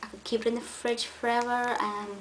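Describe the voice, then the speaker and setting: Young woman vlogging, chatty and gushing, bit high voice, slight hiss on the recording. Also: flat delivery, brisk, a bit bright, low-quality recording. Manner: gushing, chatty, with many ums and restarts. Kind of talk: casual chat to camera. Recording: faint hiss.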